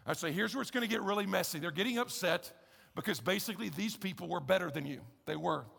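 A man's voice: high voice, fast, vocal fry, a bit bright, slightly rough. A man preaching a sermon as pastor, conversational and emphatic, repeating key phrases with wry humor. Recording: echoey church hall.

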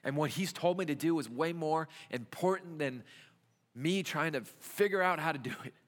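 A young adult youth pastor preaches a conversational sermon full of rhetorical questions in a church sanctuary. His voice is on the high side at normal speed, with church hall reverb.

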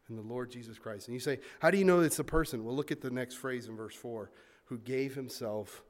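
A man preaching a sermon, swinging from loud emphatic points to quiet asides and acting out listeners' complaints in mock voices. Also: medium pitch. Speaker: pastor.

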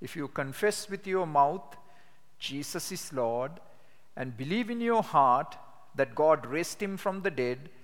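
A man preaching a sermon, emphatic, slowing down to stress key words. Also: on the high side, expressive, fairly bright tone. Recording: long hall reverb.

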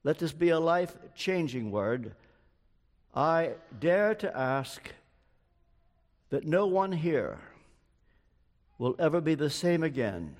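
An older man preaching a sermon in a large church hall, slow and earnest, telling personal stories. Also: a little high, very animated. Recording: long hall reverb.

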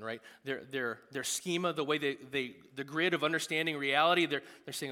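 A man delivers a sermon with a slightly high, bright and forceful voice, talking to the congregation like a friend and breaking into quick asides. His words ring out with a long reverb in a large hall. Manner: conversational, animated preaching with quick asides. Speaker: pastor.

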